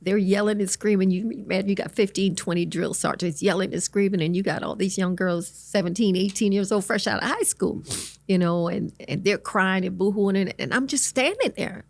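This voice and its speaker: A middle-aged woman telling her life story as an interview guest, earnest and halting, with many restarts. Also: medium pitch, gravelly, no room sound.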